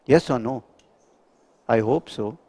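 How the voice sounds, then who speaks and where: A man's voice: medium pitch, takes it slowly, mellow, no echo. A man giving a reflective spiritual talk to a group, asking rhetorical questions. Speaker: spiritual speaker.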